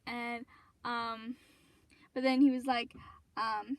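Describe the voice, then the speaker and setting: Woman vlogger, high pitched, dry close sound, casual rambling fan chatter. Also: little pitch movement, slow, pauses often, dry recording. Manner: rambling, gushing retelling with many fillers. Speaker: fan video host. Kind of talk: casual fan commentary vlog.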